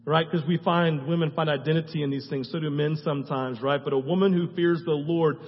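A man's voice: a little high, fairly even intonation, fairly quick, big-room sound, muffled recording. A man, a pastor, preaching a conversational sermon and often checking in with the congregation with "right?" asides. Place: church sanctuary.

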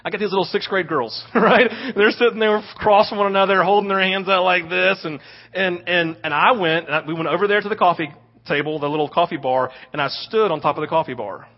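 A man preaching a sermon as a pastor, telling stories in an animated way and often asking "right?". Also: sits high, a little fast, dull audio. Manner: animated storytelling with frequent "right?".

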